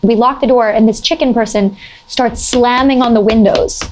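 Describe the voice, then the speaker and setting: A young woman with a slightly high voice tells a casual story, animated and chatty. She leans on "like" as filler and jumps up into shrill exclamations at the big moments. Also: normal speed, a little hiss or hum. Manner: animated, heavy use of "like" fillers.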